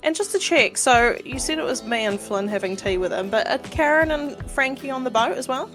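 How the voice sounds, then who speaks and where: A woman's voice: sits high, expressive, fairly quick, fairly bright tone, soft background music. A woman playing a tabletop game in friendly, chatty talk. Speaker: player. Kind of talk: casual tabletop play.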